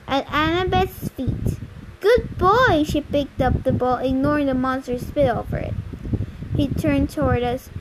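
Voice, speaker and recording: A woman reading a novel aloud, carefully and unhurriedly, with slips and rereads. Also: high-pitched. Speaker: amateur reader. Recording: noisy home recording with clicks.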